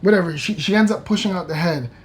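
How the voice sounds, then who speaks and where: A man's voice: high-pitched, quick pace. A man retelling his partner's labour in a casual, slangy way, stumbling over words and restarting as he gets worked up. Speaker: co-host of a couple's channel. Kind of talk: casual storytelling.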